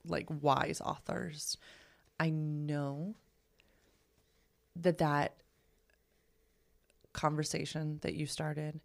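A woman co-hosting a relationship podcast and working as a sexuality educator, talking in a reflective, animated way and often checking in with "right?". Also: deep voice, drawn-out words, creaky, long pauses. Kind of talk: casual podcast conversation.

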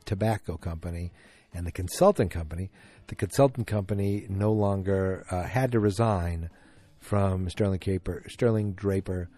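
A man casually recapping a TV episode, rambling and animated as he acts out the characters' lines. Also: on the low side.

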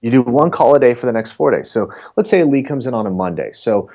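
A middle-aged man coaching real estate agents in a casual podcast chat, telling animated stories and acting out the people in them. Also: mid-range voice, fast talker. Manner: animated storyteller acting out quotes.

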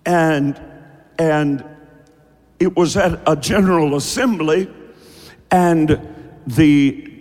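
A man preaching a sermon, emphatic and folksy, often breaking into shouts. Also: on the high side, extremely slow, long pauses, big-room sound. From rural American South. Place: church.

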